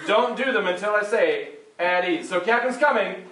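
A man explaining and leading a group game with playful, energetic commands in a large indoor hall. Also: high-pitched, moderate pace. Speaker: youth game leader. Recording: echoey hall, mic at a distance.

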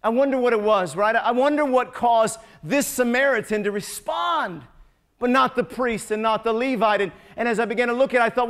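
Male pastor, high voice, sermon delivery, stammering repeats, hushed lows and loud slowed peaks. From United States. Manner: stammering repetitions, swelling to emphatic peaks. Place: church sanctuary.

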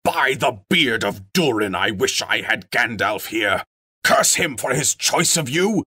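A man's voice: medium pitch, animated, fairly bright tone, no echo, clean studio sound. A man voicing a proud, stern male dwarf king, grave and commanding. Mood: raging. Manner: grave, commanding, quick to wrath.

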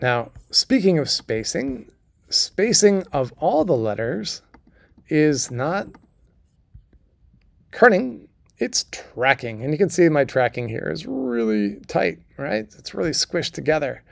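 A man walking through a design software tutorial in a conversational way, often checking in with the listener. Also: fairly high pitch, big pitch swings, takes it slowly, gravelly, no room sound. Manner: conversational, keeps checking in with "okay?" and "right?". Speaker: design instructor.

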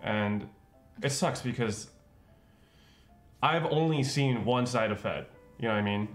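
Guy streamer rambling earnestly, chatty, normal pitch. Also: unhurried, faint music behind. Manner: earnest, rambling with many fillers. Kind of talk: casual stream chat.

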